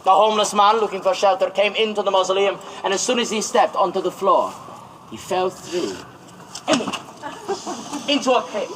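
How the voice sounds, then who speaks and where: A man's voice: high voice, expressive, normal speed. A man leading a ghost tour outdoors, telling dramatic stories in a jokey, teasing way and ordering the group about, recorded from within the crowd. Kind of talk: theatrical storytelling to a tour group. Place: outdoors in a graveyard on a city street. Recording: noisy outdoor recording with passing traffic.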